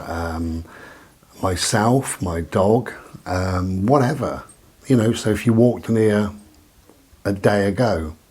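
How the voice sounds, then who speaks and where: In the living room of his bungalow, a male vlogger rambles about his new crystal in a hesitant, reflective monologue full of ums. His voice is fairly low, a little mellow, and slightly rough.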